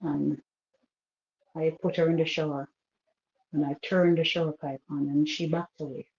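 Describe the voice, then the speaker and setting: A woman caller on a call-in show, softly and haltingly telling a painful personal story, with many restarts. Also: low-pitched, level tone, gravelly. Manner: soft-spoken, halting with restarts. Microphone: phone call. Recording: muffled poor phone line.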